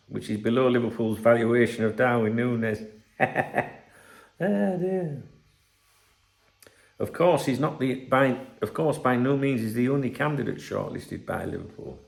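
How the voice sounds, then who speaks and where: A man's voice: mid-range voice, gravelly, roomy sound. A man hosting a football channel, reading news aloud and mocking it in a sweary, sarcastic rant. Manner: mocking, sweary, reads articles aloud and rants. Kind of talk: sarcastic solo commentary.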